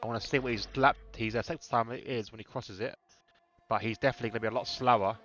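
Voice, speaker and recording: A man calls a live sim-racing session in a bright, forceful voice. He keeps up a chatty, laughing banter with his co-host between updates. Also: medium pitch, steady tone, fast, soft background music. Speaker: race commentator.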